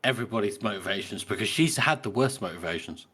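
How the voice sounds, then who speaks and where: A man's voice: lowish voice, expressive, fast talker, pushed and bright, breathy edge. A man co-hosting a book podcast, talking emphatically with profanity and repetition. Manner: emphatic, profane, repeats himself. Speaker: podcast co-host. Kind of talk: casual book discussion.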